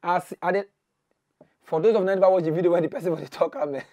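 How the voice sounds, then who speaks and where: Nigerian Pidgin comedy host, man, high voice, mocking and excitable, dry close sound. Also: fast, no room sound. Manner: excitable, mocking, swings between shouting and muttering. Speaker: mock news host. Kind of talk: comic pidgin commentary.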